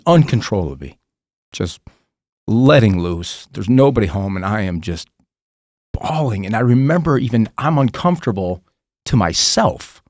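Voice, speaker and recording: A man's voice: medium pitch, vocal fry, a little mellow, no room sound, studio quality. A man telling his personal testimony as a podcast guest, earnest, raw and emotional.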